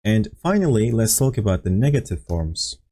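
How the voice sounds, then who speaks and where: A man teaching Turkish on a Discord call explains things patiently, filling pauses with fillers and acting out sample phrases. He has a fairly low, dark, sing-song voice and keeps a moderate pace.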